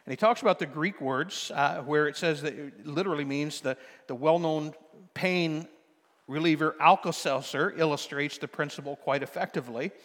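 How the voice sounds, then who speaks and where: An older man preaching a sermon as pastor, moving from soft storytelling to loud, emphatic exhortation. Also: a little high, normal speed. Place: church sanctuary. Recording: long hall reverb.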